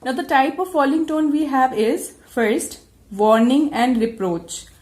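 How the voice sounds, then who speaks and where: A woman's voice: high-pitched, measured pace, darkish tone, reverberant. A woman teaching an English lesson, explaining patiently step by step. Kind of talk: classroom lecture.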